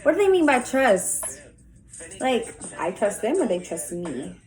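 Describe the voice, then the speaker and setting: A woman's voice: fairly high pitch, very animated, measured pace, darkish tone. A young woman answering viewer questions in a casual vlog, chatty and candid, full of "like.". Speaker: vlogger. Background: faint music early on.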